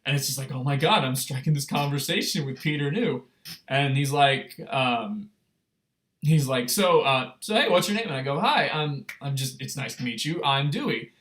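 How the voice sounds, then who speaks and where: A young man telling a story on a casual livestream, rambling and excitable, full of fillers and restarts. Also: mid-range voice, moderate pace. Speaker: streamer.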